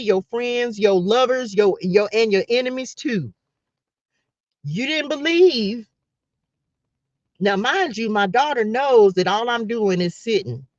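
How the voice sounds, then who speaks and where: A woman's voice: fairly high pitch, no room sound. A middle-aged woman talks to her live-stream audience in an emphatic, preacher-like way, repeating phrases and calling out to y'all. The sound is dry and close, with a slightly dull, lo-fi tone. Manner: emphatic, repetitive, preacher-like, addresses viewers as y'all. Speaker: faith livestreamer. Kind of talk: casual live-stream talk to viewers.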